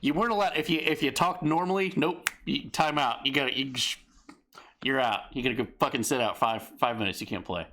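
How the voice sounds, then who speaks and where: A man co-hosting a live stream, chatting casually, excitable and profane, laughing often. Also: medium pitch, fairly quick, slight background noise. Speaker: stream co-host.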